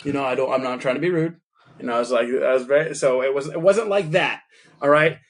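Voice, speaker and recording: A man co-hosting a casual podcast, telling a story in an animated way, acting out both sides of a phone call and swearing freely. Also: mid-range voice, quick pace. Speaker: podcast co-host.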